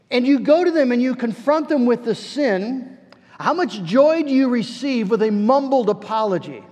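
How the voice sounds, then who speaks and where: Pastor, man, high voice, earnest sermon delivery with repeated words, long church-hall reverb. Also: darkish tone, lo-fi sound. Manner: earnest, pleading, slows down for emphasis; repeats words as he searches for the next.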